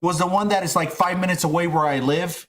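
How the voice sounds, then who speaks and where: Man, middle-aged, profane, frustrated rant, casual streamer talk, slightly high voice. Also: steady tone, fairly quick.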